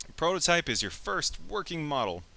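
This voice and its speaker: A man's voice: on the high side, big pitch swings, fairly quick, creaky, sharp tone. A young man teaching a casual, joking lecture on science and engineering, acting out imagined speakers with playful asides.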